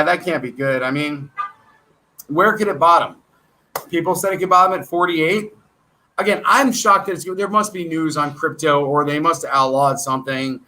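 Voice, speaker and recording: An American man talks off the cuff on a stock market livestream, rambling from point to point with quick self-deprecating asides. His voice sits high and sounds bright and forceful, and his delivery stays excitable throughout. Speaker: stock market show host. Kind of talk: casual livestream commentary.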